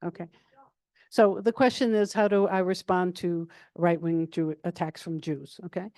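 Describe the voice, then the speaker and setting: Older lady chatting calm and level, lots of um and you know, mellow voice, dry sound. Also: lowish voice, no echo. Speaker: guest speaker. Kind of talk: casual Q&A answers.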